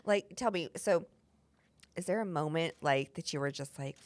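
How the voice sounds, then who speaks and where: A woman's voice: low-pitched, normal speed, no echo. A woman hosting a casual chat about running a shop. She speaks frankly, swears freely and uses lots of "like" fillers. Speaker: podcast host and shop owner.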